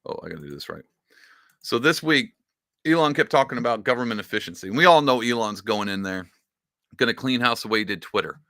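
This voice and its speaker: A man hosting a podcast, giving casual political commentary in an excitable, sarcastic rant whose pitch swings up and down. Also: no room sound, studio quality. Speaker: podcast host.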